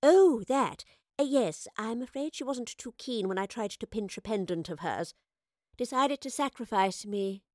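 A woman's voice: on the high side, lively intonation, a little slow, a little mellow, no echo, studio quality. A woman voicing an eccentric, cheerful female professor who talks in a whimsical, self-amused way. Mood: wry. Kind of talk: audiobook character voice.

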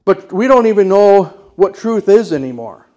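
A man's voice: high-pitched, sing-song, moderate pace, darkish tone, dull audio. A man preaching a sermon as pastor, emphatic and declarative, putting rhetorical questions to the congregation.

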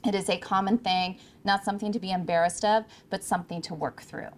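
A communication coach from California speaks to a live room of interns in an emphatic, clear presenter's voice. Her pitch sits in the middle of the range, and she varies her pacing, leaning on key words. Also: fairly even intonation, fairly quick, slight background noise. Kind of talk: workshop talk to interns.

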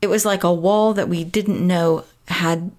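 A woman's voice: fairly low pitch, fairly even intonation, unhurried, a little mellow. A woman hosting a parenting podcast, telling a personal story in an earnest, reflective way and laughing now and then. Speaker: podcast host.

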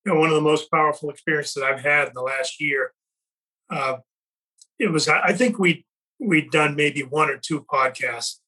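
A man talks in an earnest, reflective way as a podcast host in casual conversation. His voice is slightly high and bright, with a forceful edge. He restarts his sentences often as he thinks aloud. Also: normal speed, slightly rough, poor audio. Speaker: podcast host and company leader.

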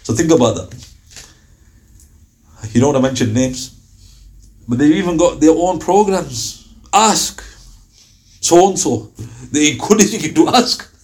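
A man's voice: a little high, animated, a little slow, pauses often, darkish tone. A man giving a religious lecture on early Islamic scholars, telling stories with quoted dialogue. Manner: storytelling with acted-out quotes.

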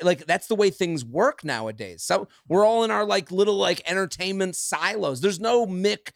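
A man, a comedian guest on a podcast, trading quick banter in casual chat, laughing and swearing. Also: sits high, animated, creaky, no room sound, studio quality.

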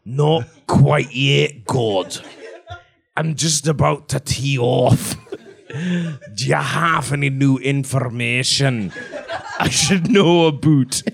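A man's voice: mid-range voice, slow, gravelly. A man voicing an earnest male golfer priest on a quest to kill Satan, in a put-on Scottish accent with a solemn, mock-dutiful manner. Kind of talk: improvised comedy role-play.

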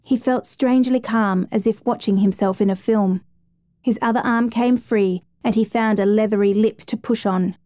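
A woman reading a dramatic true story as a steady, measured narrator. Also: medium pitch, dry recording.

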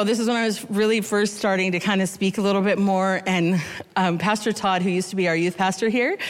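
Woman in her thirties, a warm-hearted storyteller preaching casually, joking at her own expense, then reading scripture slowly. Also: mid-range voice, big-room sound. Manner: self-deprecating, chatty, reads scripture slowly. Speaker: guest speaker. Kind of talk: storytelling sermon.

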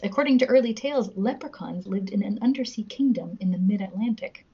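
A woman's voice: medium pitch, fairly quick, dark tone, husky, lo-fi sound. A woman guest in a casual podcast chat, giggly and self-deprecating as she reads out facts. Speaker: guest, musician.

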